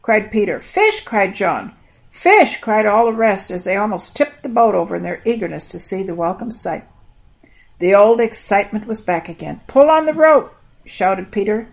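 A woman's voice: mid-range voice, normal speed, vocal fry, poor audio. Woman telling a children's Bible story. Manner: gentle, expressive reading with an affectionate sign-off to kids. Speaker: children's program host.

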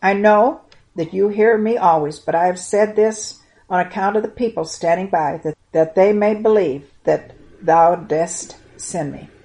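A woman reading the part of Jesus in a storybook, speaking with solemn tenderness and quiet authority. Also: mid-range voice, unhurried, close to an everyday voice. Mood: prayerful. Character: gentle, commanding man, Jesus.

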